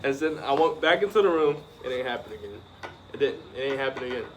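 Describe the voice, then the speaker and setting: A man co-hosting a casual video, telling animated stories in slang and laughing through them. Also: medium pitch, fast. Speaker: channel co-host. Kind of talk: casual storytelling chat. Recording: noisy background.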